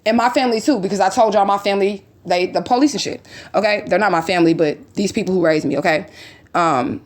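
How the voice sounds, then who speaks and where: A woman's voice: mid-range voice, quick pace. A woman from St. Louis recording an emotional vlog. She is upset and agitated, blunt and profane, and keeps adding emphatic "okay?" asides. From St. Louis, USA. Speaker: vlogger. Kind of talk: emotional vlog recounting old messages.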